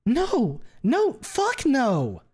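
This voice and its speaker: A high, volatile young woman put on by a man reading aloud who swings between raging screams and soft sobs. She swears constantly and loudly. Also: fairly even intonation, moderate pace, close to an everyday voice. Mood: furious. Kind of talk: dramatic reading of a story.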